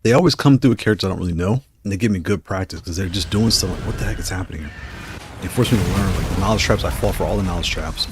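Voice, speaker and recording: A man giving excited live commentary on a fighting game he is playing, taunting his opponent and laughing. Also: sits low, rapid-fire, noisy background. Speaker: gaming streamer. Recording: music playing behind.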